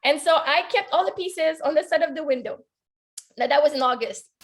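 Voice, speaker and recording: Over a video call, a high-voiced woman appearing as a life coach guest shares a heartfelt personal story. She talks fairly quickly and earnestly, peppering her sentences with "like."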